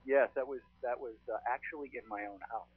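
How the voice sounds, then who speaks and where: A man's voice: mid-range voice, quick pace, husky. A man as a paranormal investigator guest on a podcast, telling his stories in a chatty way with lots of fillers. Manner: chatty, storytelling, frequent "uh" fillers. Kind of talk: casual podcast chat. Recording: thin phone-line sound.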